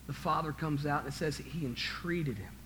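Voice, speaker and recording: A man delivers a sermon as pastor in a fairly high voice at a moderate pace, with a little hiss or hum in the audio. He preaches emphatically, ranging from soft to loud, stammering and repeating himself when excited.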